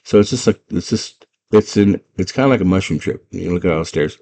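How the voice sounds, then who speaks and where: A young man with a very low voice excitedly retells a movie, piling on slang and side comments as he goes. His delivery is loose and enthusiastic, the style of a casual chat with a friend. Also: a little fast, slight background noise. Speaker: movie fan retelling a film.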